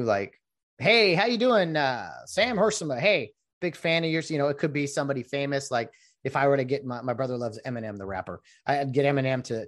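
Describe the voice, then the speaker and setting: A middle-aged man in a casual, rambling monologue, full of jokey asides. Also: medium pitch.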